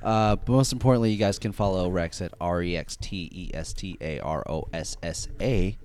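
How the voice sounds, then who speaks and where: A man's voice: sits low, moderate pace, darkish tone, slight background noise. A man in his thirties from the Philippines, co-hosting a casual podcast chat in a chatty, hesitant way with lots of fillers. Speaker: podcast co-host.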